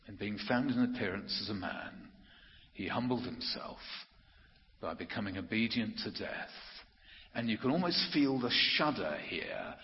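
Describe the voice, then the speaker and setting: A man preaching an earnest, emphatic sermon, slowing down to stress key phrases. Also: lowish voice, expressive, slight background noise. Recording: muffled audio with long hall reverb.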